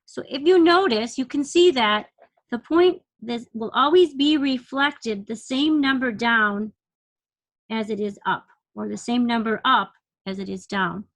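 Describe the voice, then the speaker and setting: A woman's voice: a little high, unhurried, a bit bright, dry recording. A woman teaching a recorded math lesson, patiently counting units aloud and asking questions as she works. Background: dog barking.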